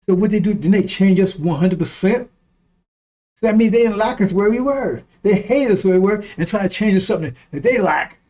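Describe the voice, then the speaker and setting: A man's voice: high-pitched, brisk, darkish tone. A man giving a blunt, profane, preaching-style monologue, repeating lines for emphasis and chuckling between remarks. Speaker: online commentator.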